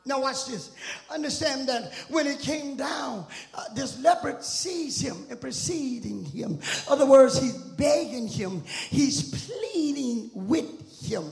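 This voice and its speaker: A woman's voice: high voice, lively intonation, slow, creaky, darkish tone. A woman preacher delivering an impassioned sermon, hollering out lines and crying out to God between phrases. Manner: impassioned, hollering, exclaims "God have mercy" repeatedly. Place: church sanctuary. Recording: roomy church with faint music.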